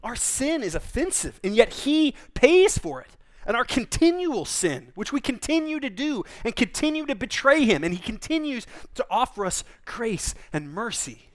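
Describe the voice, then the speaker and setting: A man with a notably high voice delivers a sermon as a pastor. He preaches conversationally, telling vivid stories and slipping in quick asides. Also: big pitch swings.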